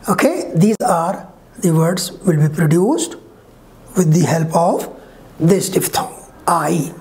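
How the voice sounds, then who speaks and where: A woman teaching English phonetics in an online lecture, slowly drawing out each example sound. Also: fairly low pitch, expressive, a little mellow. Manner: slow, deliberate, drawn-out example sounds.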